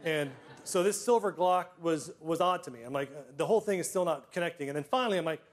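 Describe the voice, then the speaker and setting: A middle-aged man telling personal stories to a live audience, self-deprecating, with comic timing and frequent throat clearing. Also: fairly high pitch, fast. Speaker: storyteller.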